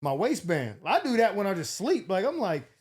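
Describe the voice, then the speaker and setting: A young man telling a wild story in casual chat, animated, swearing freely and acting out the other people's lines. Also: normal speed, slightly rough. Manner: animated, acts out quotes with big pitch jumps, swears freely. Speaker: podcast host.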